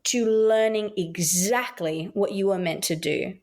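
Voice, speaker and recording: A woman's voice: medium pitch, measured pace, darkish tone. An Australian woman talking earnestly as a guest midwife in a podcast interview, acting out quoted voices as she tells stories.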